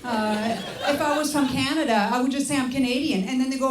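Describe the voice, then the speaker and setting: A woman with a French accent performs a stand-up set in a club, her delivery dry and deadpan, slipping into playful voices. She sits back from the mic in a roomy space. Noise hangs clearly behind her. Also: high-pitched, fairly quick, recorded from a distance. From France. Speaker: stand-up comedian. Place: comedy club stage.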